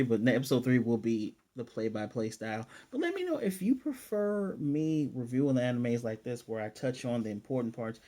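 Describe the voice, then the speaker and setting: A man talks through an anime review in a loose, rambling way, pausing to read from his notes. His voice is dark and mellow, sitting in a middle pitch. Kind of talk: casual recap.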